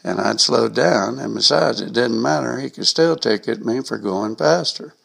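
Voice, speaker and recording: A man with a gravelly voice reading a personal anecdote aloud, in a wry, self-mocking way. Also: medium pitch, moderate pace, a bit bright. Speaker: storyteller.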